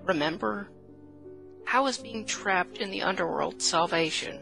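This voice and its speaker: A woman talks back with slow, sarcastic defiance. Her voice has a gravelly edge. Clear music plays under her lines. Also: mid-range voice. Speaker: protagonist in a comic audio story.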